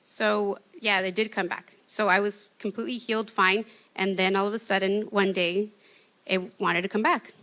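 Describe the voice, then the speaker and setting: A shy woman giving an earnest, halting testimony in a church interview. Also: medium pitch, steady tone, a bit bright.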